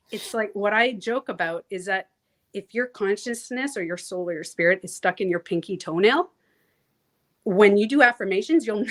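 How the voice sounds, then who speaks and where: A woman coach chatting in an interview, lively and outspoken, with a freely swearing, frank way of talking. She acts out the people she quotes, jumping in pitch and loudness as she goes. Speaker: transformation coach, guest. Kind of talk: casual interview talk.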